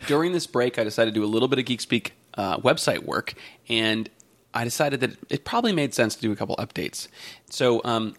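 Gravelly-voiced man hosting a tech podcast. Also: mid-range voice, fairly bright tone. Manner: joking, chatty. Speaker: podcast host. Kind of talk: casual tech podcast chat.

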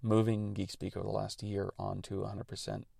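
A male radio host talks in an earnest, reflective monologue, laying out technical points plainly. His voice is low and heavily gravelly with lots of fry. The sound is dry and close. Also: monotone, a little fast, dark tone, no room sound. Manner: earnest, thoughtful, explains technical detail plainly.

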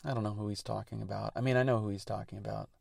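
A male radio host talks in an earnest, reflective monologue, laying out technical points plainly. His voice is low and heavily gravelly with lots of fry. The sound is dry and close. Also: steady tone, very fast, darkish tone, dry recording. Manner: earnest, thoughtful, explains technical detail plainly.

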